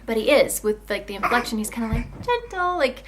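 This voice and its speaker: A woman's voice: on the high side, fairly even intonation, fast, background noise. A young woman talking casually to her camera at home about her baby, chatty, with many "um"s. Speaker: mother and vlogger. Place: home, playing with her toddler.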